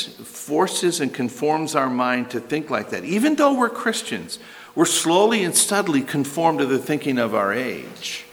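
A man's voice: mid-range voice, fairly bright tone, long reverb tail. A man preaching a sermon as pastor, earnest, with rhetorical questions and emphatic repetition.

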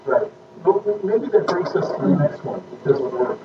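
A man's voice: a little high, lively intonation, normal speed. A man teaching a church class on parenting, emphatic and conversational, often checking that his listeners follow. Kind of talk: informal teaching talk with questions. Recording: echoey room, distant mic, muffled, noisy.

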